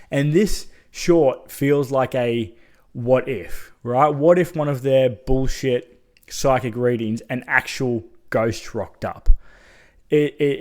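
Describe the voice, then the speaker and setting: Man, mid-pitch, casual horror reviewer, keen and profane, talks straight to camera. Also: darkish tone. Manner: enthusiastic, swears freely, chatty asides. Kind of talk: casual spoken film review.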